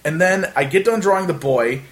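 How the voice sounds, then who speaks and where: A man's voice: high voice, normal speed. A man casually telling a long anecdote in a chat, rambling with many fillers and acting out the other people in it.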